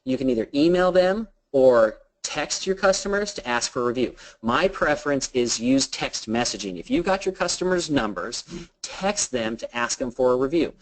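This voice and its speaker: A man's voice: mid-range voice, low-quality recording. Guy giving a business talk, tells a story and does the voices. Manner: animated storyteller acting out quotes. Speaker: business speaker.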